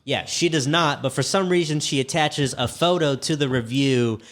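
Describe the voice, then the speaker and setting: A man co-hosts a laid-back comedy podcast. He reads reviews aloud in a flat, deadpan voice and keeps a steady, middling pitch. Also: normal speed. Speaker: podcast co-host. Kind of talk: casual comedy podcast chat.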